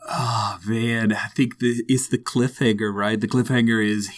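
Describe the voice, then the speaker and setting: Deep-voiced man playing a tabletop game. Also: steady tone, measured pace, few pauses. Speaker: podcast host playing a character. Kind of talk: tabletop role-play in first person, then interview chat.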